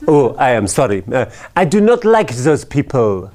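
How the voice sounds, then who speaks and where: A man's voice: mid-range voice, big pitch swings, normal speed, a little mellow, lightly acted. A man voicing a blunt middle-aged male French finance director who speaks offhand, broken English with a put-on French accent.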